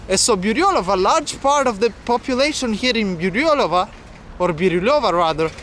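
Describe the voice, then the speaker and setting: A man's voice: sits high, expressive, brisk, a bit bright, slight background noise. A man walking city streets as a travel vlogger, chatting and explaining local facts to the camera. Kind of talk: walking travel vlog narration.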